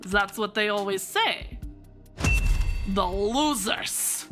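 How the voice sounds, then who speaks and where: A woman voicing a scheming, menacing male oligarch in a game, with a shaky put-on Russian accent that slides toward French, delivered slowly. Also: fairly high pitch, very animated, music in the background. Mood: smug. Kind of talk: voice acting a visual novel on stream.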